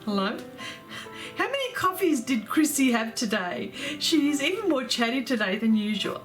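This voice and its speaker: A woman, hosting an art livestream in casual chat, effusive and quick to laugh while reading viewer comments aloud. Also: sits high, big pitch swings, faint music behind.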